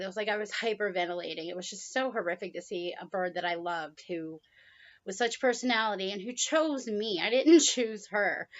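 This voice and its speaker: A middle-aged woman casually telling a personal story to camera, chatty, with frequent pauses and soft laughs, talking to her pet bird in a high baby-talk voice. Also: lo-fi sound. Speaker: vlogger, pet bird owner.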